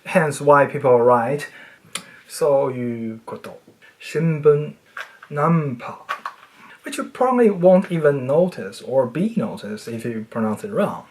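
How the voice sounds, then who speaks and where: A speaker with a voice at a mid pitch explains language in a casual, self-made video lesson. The delivery is playful and nerdy. It jumps up high on points of emphasis and drops off quietly at the tails of phrases. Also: lively intonation, slow. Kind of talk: casual educational monologue.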